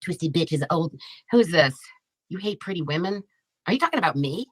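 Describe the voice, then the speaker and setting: A woman's voice: fairly low pitch, animated, a little fast, husky, no room sound. A woman on a livestream, angrily ranting and taunting viewers by name with heavy profanity. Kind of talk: angry livestream rant.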